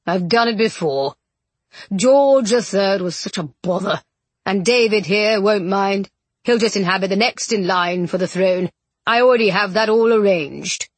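A smug, silky older nobleman who threatens with easy condescension, as a woman narrator puts him on. The voice is slightly breathy and recorded dry, with no room around it. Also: mid-range voice, measured pace, dry recording, lightly acted. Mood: menacing. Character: scheming aristocratic male villain, older, smug.

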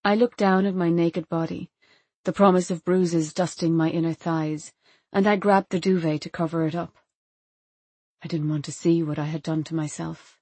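Low-voiced woman narrating. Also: steady tone, normal speed, a little mellow, breathy edge, no room sound. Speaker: audiobook narrator. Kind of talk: first-person literary narration.

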